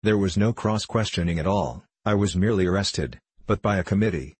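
A man's voice: deep voice, brisk, a little mellow, slightly rough, no room sound. A man voicing an earnest, anxious young male clerk in an audiobook, insistent and eager to explain.

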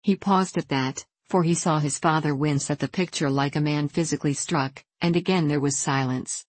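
A woman narrating a classic novel in a measured, plain reading voice, lightly voicing the dialogue. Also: low-pitched, fairly even intonation, no room sound. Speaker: audiobook narrator.

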